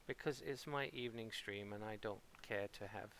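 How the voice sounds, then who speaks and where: A man's voice: fairly low pitch, normal speed, a bit bright, slight background noise. A man from Portsmouth with a local English accent, rambling playfully and mocking himself as he streams a game at home. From Portsmouth, England. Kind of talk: casual live-stream commentary.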